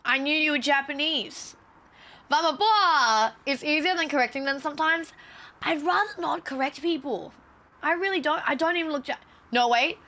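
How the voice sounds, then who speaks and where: A woman chatting on a live stream, telling animated stories with a lot of swearing and laughter. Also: sits high, normal speed. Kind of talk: casual stream chat and storytelling.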